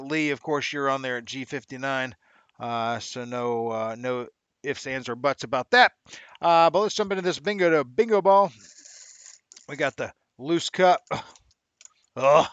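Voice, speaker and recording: Guy hosting a live chat show, kinda high voice, laughs a lot, slangy, dry close sound. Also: a bit bright, clean tone, no room sound. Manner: chatty and upbeat, laughs often, uses slang. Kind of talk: casual livestream chat.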